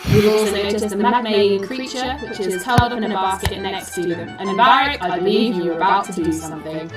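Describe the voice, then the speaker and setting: A woman's voice: medium pitch, brisk, recorded from a distance. A woman narrating a tabletop game as game master, bubbly and laughing often. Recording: very echoey room, music behind.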